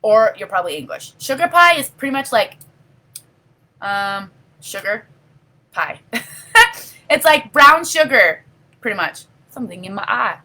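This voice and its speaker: Bright-voiced woman chatting on a livestream. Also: a little high, sing-song, normal speed. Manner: earnest, heartfelt, rambling with frequent you know. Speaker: livestream host. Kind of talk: casual live video chat, reading viewer comments.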